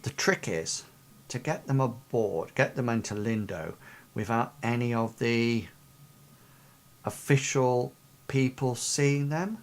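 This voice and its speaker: A man's voice: mid-range voice, slow. Man doing a sly pirate captain, conspiratorial smuggler, fantasy tabletop game. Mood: scheming. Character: scheming pirate ship captain, male, smuggler.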